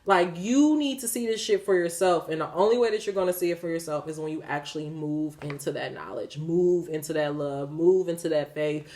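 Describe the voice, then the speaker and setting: This thirtysomething vlogger has a low voice and talks a little fast with hardly any pauses. Her candid faith talk to camera is profane, animated and full of laughter, aimed straight at her viewers.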